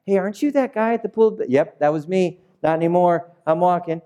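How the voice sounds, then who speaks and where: A giddy, boastful man shows off that he can walk again, played by a preacher. The voice sits a little above the preacher's own and bounces with excitement. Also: high voice, fairly quick, pitched above the performer's own voice, close to an everyday voice. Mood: giddy proud. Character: newly healed man, middle-aged, giddy and proud.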